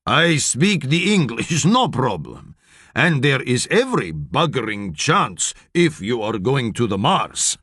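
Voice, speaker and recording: A man's voice: mid-range voice, very animated, slow pace, fairly bright tone, husky, no echo, studio quality, exaggerated voice. A man voicing a big, jovial Russian astronaut trainer with a Russian accent and broken English.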